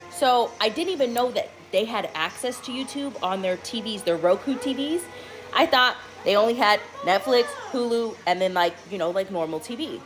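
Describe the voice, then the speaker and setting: Incredulous mother telling a story, faint hiss. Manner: animated, incredulous, jumps up high on exclamations. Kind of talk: casual storytelling to camera.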